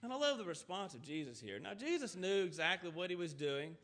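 High, bright-voiced man preaching. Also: very animated, a little fast. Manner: earnest, asks rhetorical questions in runs; reads scripture aloud and then explains it in plain talk. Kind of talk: sermon, reading scripture and expounding.

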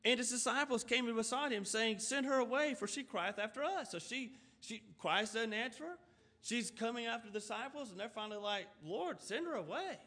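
A man's voice: very high-pitched, animated, fairly quick, bright, forceful tone, slightly rough. A man preaching a sermon, reading scripture aloud and explaining it earnestly, with runs of rhetorical questions. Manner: reads scripture aloud and then explains it in plain talk.

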